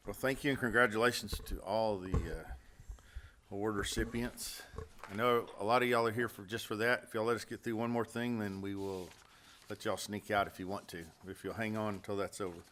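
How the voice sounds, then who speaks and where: A man's voice: on the low side, fairly even intonation, brisk, fairly bright tone, a little hiss or hum. A man chairing a public board meeting in a friendly, informal way.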